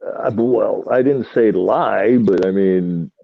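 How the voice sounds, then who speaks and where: A man's voice: on the low side, slow pace, creaky, no echo. A man in casual, joking chat who keeps clowning around. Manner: clowning, sings lines and puts on mock accents. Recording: tinny phone-line sound.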